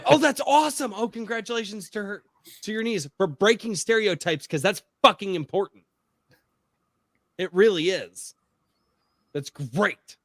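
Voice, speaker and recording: A man hosting a podcast in casual chat, telling stories in an excitable, profane way. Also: high-pitched, measured pace, pauses often, dry recording, clean studio sound. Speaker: podcast host.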